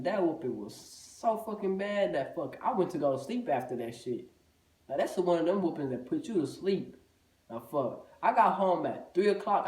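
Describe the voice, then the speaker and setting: A man's voice: a little high, darkish tone. A man telling a casual storytime, loose and profane, with "bro" in almost every sentence. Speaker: vlogger. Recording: echoey room, voice far from the mic.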